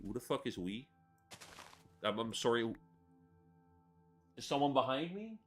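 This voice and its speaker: A man's voice: medium pitch, animated, unhurried, long pauses, soft background music. A man in his twenties giving casual, rambling gameplay commentary, swearing a lot and laughing between rants. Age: 20s. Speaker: gaming video creator.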